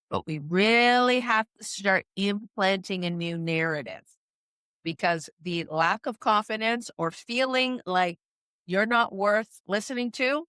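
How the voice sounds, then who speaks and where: A woman giving instructional podcast advice as a communication coach, in a measured coaching tone that checks in with the listener. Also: on the low side, a bit bright, smooth, no room sound, clean studio sound. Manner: measured, coaching tone with frequent "right?" check-ins.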